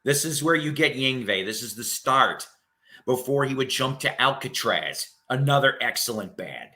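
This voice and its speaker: A man's voice: medium pitch, expressive, normal speed, pushed and bright. A man hosting a casual chat show, rambling enthusiastically about old records and bands and swearing now and then. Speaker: host.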